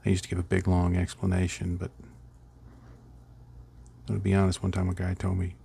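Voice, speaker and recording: A man's voice: deep voice, monotone, moderate pace, vocal fry, mellow, slight background noise. A middle-aged man casually rambling through a miniature painting tutorial, chuckling at his own slips.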